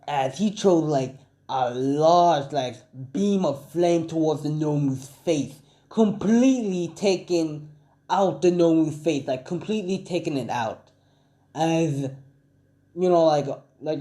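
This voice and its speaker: Young man, improvised fan story narrator, rambling, filler-heavy, mellow, a bit high.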